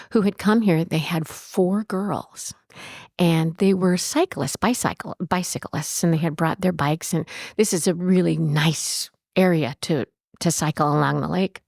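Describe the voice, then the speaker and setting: A woman who owns a bed and breakfast tells stories in an interview, chatty and often restarting her sentences. Her voice is fairly low with a darkish tone, captured dry with clean studio sound.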